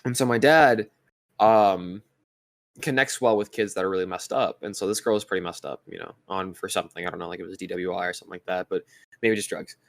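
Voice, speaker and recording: Talking fast in a deep, gravelly, steady voice, a young podcast co-host rambles through a story in casual chat, with many fillers and false starts. No echo is present.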